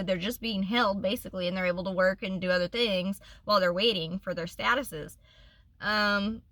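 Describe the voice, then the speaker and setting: Woman, candid vlog, bright tense voice, earnest rambling, lots of fillers. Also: medium pitch. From Oklahoma. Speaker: vlogger.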